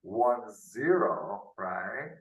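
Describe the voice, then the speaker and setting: A man's voice: lowish voice, big pitch swings, extremely slow. A man tutoring math in a loose, unscripted lesson, thinking aloud and often ending with tag questions, heard over a video call. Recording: roomy, from off the mic.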